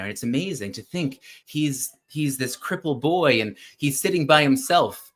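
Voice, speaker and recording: A man hosting a show, casually retelling a classic story in an animated way and often checking in with listeners. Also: fairly high pitch, moderate pace. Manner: thinks aloud with fillers and restarts. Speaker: podcast host.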